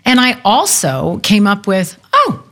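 A woman's voice: on the low side, expressive, normal speed. A woman in her fifties talking as a guest in a candid conversation, reflective and earnest, laughing easily. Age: 50s.

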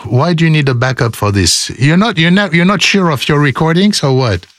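A male radio host with a slightly high voice and a wildly lively, swooping delivery, joking around and telling stories. The sound is close and dry, with music playing softly underneath. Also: fairly quick, no room sound. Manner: playful, joking, animated storyteller. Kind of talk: studio outtakes and casual chat.

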